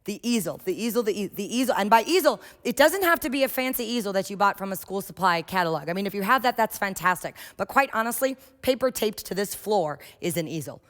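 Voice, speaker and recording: A woman giving a workshop lecture on children's art, lively and storytelling, often acting out quotes. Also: medium pitch, fast talker, few pauses. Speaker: early childhood art trainer. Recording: echoey hall.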